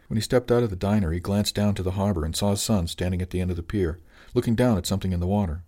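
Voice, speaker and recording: A man narrating an audiobook chapter in a calm, even storytelling manner. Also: low voice, very fast, hardly any pauses.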